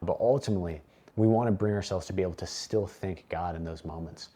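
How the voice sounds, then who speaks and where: A man's voice: low voice, fast talker, mellow. A man coaching in a casual, faith-based talk, earnest and emphatic, often repeating words for stress. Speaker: men's coach.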